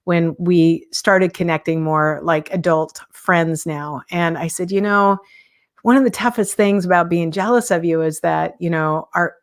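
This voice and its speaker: A woman's voice: fairly low pitch, unhurried. Woman, 50s, podcast host, casual live monologue, candid and self-mocking. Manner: candid, self-deprecating, chuckles often.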